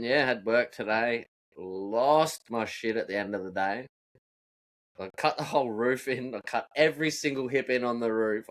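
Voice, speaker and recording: A man, a podcast co-host and roofer, telling rowdy, profane work stories in casual chat. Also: on the low side. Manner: profane, animated storyteller acting out rants.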